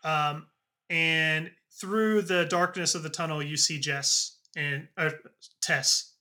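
A man narrating as game master of a tabletop game, halting with frequent ums and uhs. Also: fairly high pitch, fairly even intonation, sharp tone.

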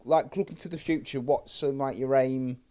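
A man's voice: mid-range voice, fairly even intonation, normal speed, dark tone. A man hosting a podcast, asking questions in a hesitant, forgetful way. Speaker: podcast host. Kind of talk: casual chat.

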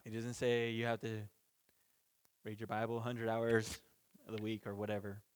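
A man's voice: lowish voice, monotone, normal speed, smooth. A man teaching through a Bible passage in an informal, conversational way, chuckling between points and restarting sentences. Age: parent of children. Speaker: pastor.

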